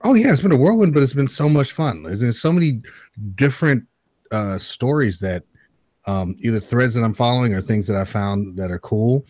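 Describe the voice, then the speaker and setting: A man in his thirties co-hosting a casual podcast, relaxed and rambling with enthusiasm. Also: medium pitch, moderate pace, no room sound, studio quality. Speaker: podcast co-host.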